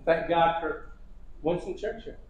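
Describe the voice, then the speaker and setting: Preacher, male, high-pitched, chuckling storyteller, roomy church sound. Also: a little slow, darkish tone, lo-fi sound, slight background noise. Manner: storytelling with repeated phrases and chuckles. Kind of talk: sermon lesson. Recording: echoey church hall.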